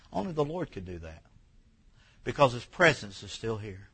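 A husky, sharp-toned man in his thirties preaches a sermon in church, his fairly high voice swooping wildly in pitch at a normal speed. As a pastor, he tells personal stories in a folksy, emotional way, building until he's near tears. The recording is rough.

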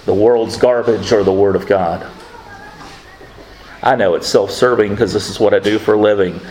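A man's voice: fairly low pitch, fairly even intonation, moderate pace, a little mellow, slight background noise. Male pastor, sermon delivery, chatty and conversational with wry asides, echoey church room. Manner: conversational, quoting scripture with acted asides.

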